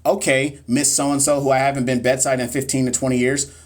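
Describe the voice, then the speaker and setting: A man's voice: mid-range voice, level tone, fairly quick. A young man tutoring nursing exam questions on a phone livestream, speaking casually and bluntly with slang, reading questions aloud and encouraging viewers. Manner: reads quiz questions aloud, then chats with viewers. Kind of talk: live-streamed Q&A teaching.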